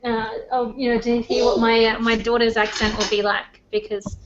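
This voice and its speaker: An Australian woman chatting casually on an online panel, talkative and quick to laugh. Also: on the high side, flat delivery, dull audio, background noise. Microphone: video call.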